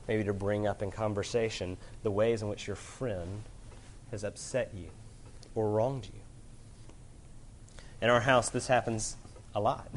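A male pastor delivers a sermon in an earnest, conversational way, putting questions to his listeners. His voice sits at an ordinary middle pitch. He slows down to quote scripture, and a faint background noise runs under the recording. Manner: earnest, asks rhetorical questions, warm family anecdotes; varies pace, slows right down to quote scripture.

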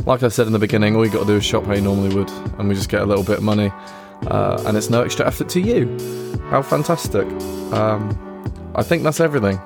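A man's voice: lowish voice, fast, gravelly, music in the background. A man with an English accent hosting a podcast, chatting casually with laid-back enthusiasm and slang. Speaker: podcast host. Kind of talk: casual chat.

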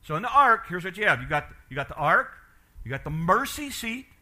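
A man preaching a sermon as pastor, animated and asking his congregation questions, dropping quiet for emphasis. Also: high voice, a little fast.

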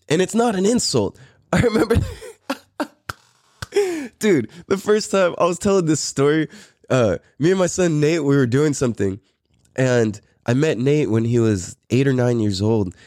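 A man's voice: mid-range voice, a little mellow, no room sound, clean studio sound. A man in his thirties from California, a podcast host telling a story in a loose, profane, rambling way with frequent laughs. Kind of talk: casual storytelling.

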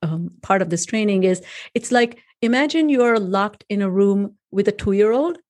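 A woman's voice: mid-range voice, normal speed, darkish tone. Casting note: a woman host in a casual interview, a storyteller who laughs often and uses lots of fillers. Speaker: podcast host.

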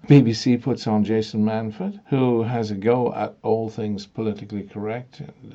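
A man delivering an opinionated monologue, musing aloud with pauses and growing indignant. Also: lowish voice, gravelly, mellow, dull audio.

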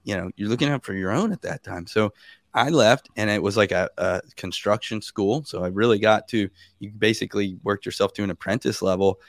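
Animated storytelling man with a low voice. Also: a little fast, no echo, clean studio sound. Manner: animated, laughing storyteller acting out quotes. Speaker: guest. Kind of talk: casual podcast storytelling.

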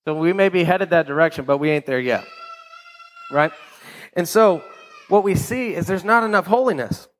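A pastor with a slightly high voice preaches at normal speed, with a bit of background noise and poor audio overall. His delivery is conversational: he checks in with listeners by asking "right?" and repeats words when restarting.

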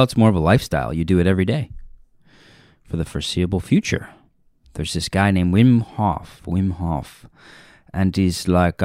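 Man, young adult, comedian host, casual monologue, self-deprecating, lowish pitch. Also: a little mellow, smooth, no echo, clean studio sound. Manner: rambling, self-deprecating, loose, crude jokes. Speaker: podcast host and stand-up comedian.

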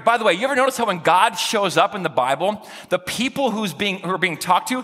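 A man's voice: high-pitched, expressive, fairly quick, sharp tone. A male pastor preaching a sermon in a church sanctuary, chatty and jokey, bantering with the congregation. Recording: long church reverb.

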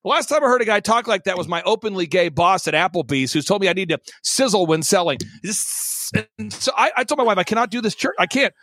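A man hosting a talk show, telling stories with lots of energy, emphatic and swinging between loud exclamations and low mocking impressions. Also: lively intonation, quick pace, hardly any pauses, no room sound. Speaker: podcast host. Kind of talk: animated storytelling chat.

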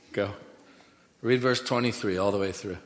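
A man's voice: fairly low pitch, huge pitch swings, slow. Male preacher in an echoey hall. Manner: emphatic, leads the congregation in call-and-response. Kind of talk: sermon. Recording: echoey hall with long reverb.

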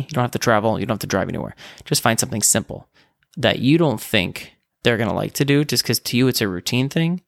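A man's voice: lowish voice, creaky, no echo, studio quality. A man hosting a podcast, talking casually on his own with fillers and self-corrections. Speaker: podcast host. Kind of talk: casual solo podcast talk.

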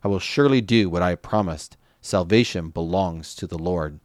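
A man's voice: deep voice, moderate pace, a little mellow, dry recording, studio quality, pitched below the performer's own voice, natural voice. A man reading as an earnest, solemn prophet. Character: remorseful male prophet, adult.

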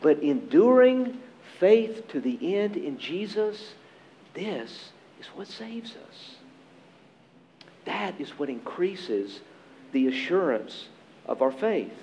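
High, lively preaching man. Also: rough recording. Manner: earnest, emphatic preaching with dramatic pauses. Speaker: pastor. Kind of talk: sermon.

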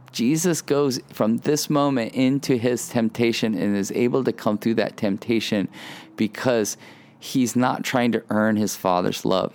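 A middle-aged man preaching a sermon, animated, acting out childlike boasting in a raised voice. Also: mid-range voice, gravelly. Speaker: pastor.

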